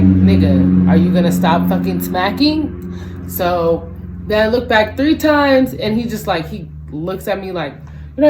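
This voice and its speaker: Animated ranting young woman vlogger. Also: medium pitch, a little hiss or hum, poor audio. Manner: animated, profane, acts out both sides of the story. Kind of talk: ranting storytime vlog.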